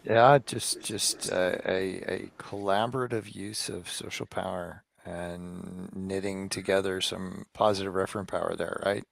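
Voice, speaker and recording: Co-host, male psychology expert, very deep gravelly voice, measured delivery. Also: fairly even intonation, dry recording. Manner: measured, fond of psychology terms. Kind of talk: casual podcast chat.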